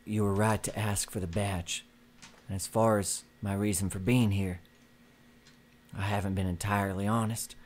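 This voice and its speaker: A man voicing a gruff middle-aged male Texas Ranger in a tabletop western game, talking in a clipped drawl. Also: lowish voice, a little hiss or hum, natural voice.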